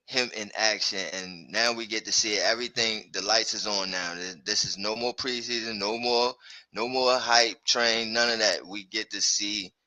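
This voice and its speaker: A man hosting a sports podcast, talking loosely and excitedly with slang and fillers. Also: fairly low pitch, moderate pace, dry recording, poor audio. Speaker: podcast host. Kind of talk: casual sports chat.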